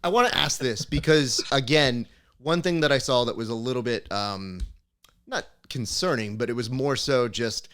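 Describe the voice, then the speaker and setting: A man's voice: medium pitch, moderate pace, fairly bright tone, clean tone. A man hosting a podcast, teasing his guest in casual chat and asking long, winding questions. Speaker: podcast host.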